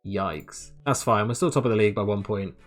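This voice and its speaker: A man giving casual, excitable commentary on a football management game, chatty and laughing often, sometimes tripping over his words. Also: fairly low pitch, a little fast, faint music behind. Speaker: gaming YouTuber.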